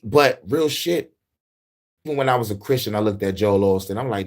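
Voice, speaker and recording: A man's voice: fairly low pitch, moderate pace. A man hosting a casual, profane monologue, laughing often and telling stories with animation. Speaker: host.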